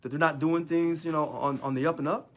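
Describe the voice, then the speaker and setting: A man's voice: on the high side, steady tone, a little fast. A man, a union local leader, talking in a sarcastic monologue full of rhetorical questions. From United States. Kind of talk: casual monologue video.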